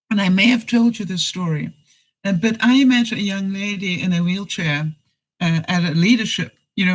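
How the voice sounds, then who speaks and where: A man's voice: high voice, fairly bright tone, poor audio. A man in a casual live stream, telling a story and speaking to viewers by name in a folksy way with frequent fillers. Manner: folksy, addresses commenters by name, frequent "you know". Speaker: vlogger answering live chat.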